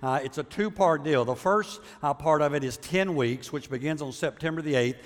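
A pastor preaches a sermon in a slightly high voice at normal speed, his words ringing through a big room. He tells stories conversationally and keeps asking the audience for agreement.

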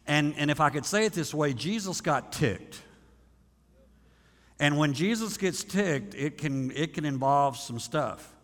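A man's voice: on the high side, expressive, measured pace, fairly bright tone. A man preaching a sermon as a pastor, in a folksy, conversational way with frequent restarts. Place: church sanctuary. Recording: long hall reverb.

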